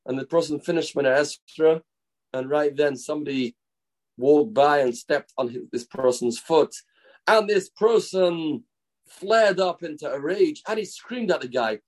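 A man's voice: a little high, expressive, unhurried, a little mellow. A man giving a daily Torah lesson as a rabbi, explaining through stories and acted-out quotes. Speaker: rabbi teaching a daily class.

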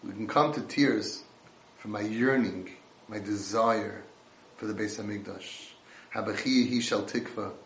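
A man's voice: fairly low pitch, unhurried, a bit bright, reverberant. A man giving an impassioned Torah lecture, mixing in Hebrew and Yiddish terms.

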